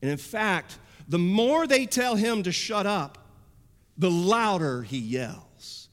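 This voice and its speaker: A man's voice: high voice, animated, takes it slowly, a bit bright. A man preaching a sermon as pastor, emphatic and repeating phrases for effect. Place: church sanctuary. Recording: long reverb of a church sanctuary.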